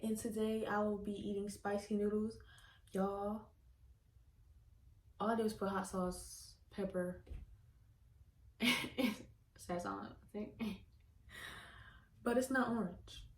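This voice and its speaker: A woman's voice: medium pitch, flat delivery, slow pace, long pauses. A woman chatting expressively to her viewers while eating, in a casual mukbang vlog. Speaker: vlogger. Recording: echoey room.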